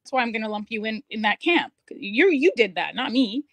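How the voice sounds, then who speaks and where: A woman's voice: on the high side, expressive, a little fast, a bit bright, no room sound. A woman in a played clip making an argument, citing studies and arguing point by point. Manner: cites studies, argues point by point. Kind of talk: argumentative commentary.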